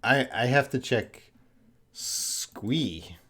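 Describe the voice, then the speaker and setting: A man's voice: mid-range voice, lively intonation, unhurried. A man from Canada with a Canadian accent, an English teacher answering viewers' questions on a live stream in a patient, chatty way, explaining with repeated examples.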